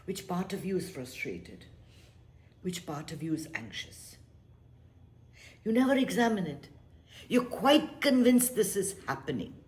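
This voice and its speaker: Slow, low-voiced woman meditation teacher. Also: sing-song. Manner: gentle, reflective, drops to a whisper at times. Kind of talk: spiritual talk.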